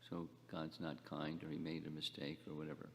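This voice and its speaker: An older man giving a scripture class lecture, speaking haltingly, repeating words and asking the class questions. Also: a bass voice, monotone, creaky, long reverb tail. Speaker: spiritual teacher.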